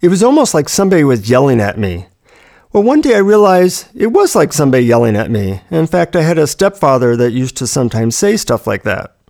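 A man's voice: on the high side, a little mellow. A man giving a reflective self-help talk, telling personal stories about handling negative thoughts.

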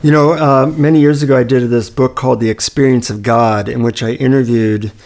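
A man with a gravelly, creaky voice telling a long personal story in casual chat. He talks at an easy, anecdotal pace, filling pauses with little verbal fillers. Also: mid-range voice, fairly even intonation, a little mellow.

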